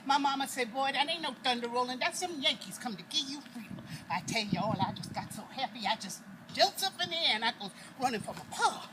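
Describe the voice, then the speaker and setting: A woman's voice: sits high, lightly acted. A woman telling it as an eager young boy. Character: young enslaved boy recalling the war, eager. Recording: noisy outdoor recording with passing traffic.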